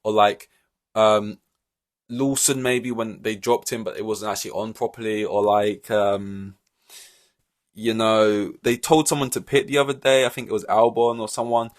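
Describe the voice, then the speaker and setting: A man's voice: fairly low pitch, steady tone, moderate pace. A man hosting a solo podcast, ranting in an exasperated, rambling way with many fillers and restarts. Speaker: podcast host.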